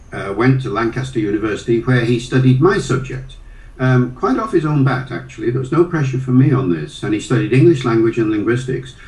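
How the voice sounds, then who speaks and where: An older man giving an interview, telling anecdotes with frequent hesitations and fillers. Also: lowish voice. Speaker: guest, linguist. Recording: roomy sound from a distant mic.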